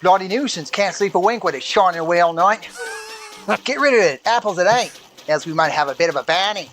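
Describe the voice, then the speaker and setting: A man's voice: high-pitched, fairly quick, a bit bright, pitched above the performer's own voice. A man doing a put-on Australian accent as a crude, rowdy, grumbling Australian man with brash, slangy, swearing speech.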